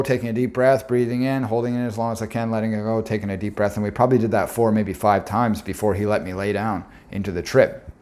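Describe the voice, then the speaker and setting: A man giving a presentation, telling a personal story in an earnest, reflective way with frequent filler pauses. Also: on the low side, fairly even intonation, a little mellow.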